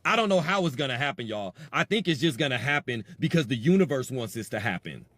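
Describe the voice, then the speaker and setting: Animated, sarcastic man with a dry sound. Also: medium pitch, fast talker, no room sound. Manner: sarcastic, preachy, repeats himself, addresses listeners directly; animated, swings between loud and quiet. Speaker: podcast host. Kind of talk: impassioned sarcastic monologue.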